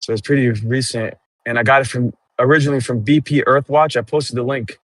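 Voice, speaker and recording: A man's voice: medium pitch, fairly even intonation, fairly quick, a bit bright, no echo. Slangy man co-hosting a loose chat on a voice call, dry close sound. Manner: rambling, loose, slangy, says bro and dude a lot.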